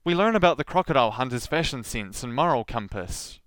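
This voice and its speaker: A man's voice: mid-range voice, expressive, brisk, a bit bright, smooth, dry recording. A man delivering dry, sardonic scripted commentary as host. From Southland, New Zealand. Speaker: podcast host.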